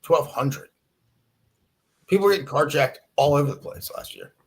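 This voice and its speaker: Laid-back, halting male cop guest. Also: fairly high pitch. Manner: halting, lots of fillers, measured, sees both sides. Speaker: police officer guest. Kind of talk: casual livestream chat.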